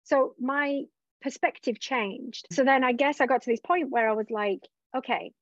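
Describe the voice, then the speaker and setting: Woman coach guest, candid and reflective, slightly high voice, dry lo-fi recording. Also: moderate pace, no echo. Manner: reflective, open, quotes her own thoughts. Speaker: business coach. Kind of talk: candid conversational interview.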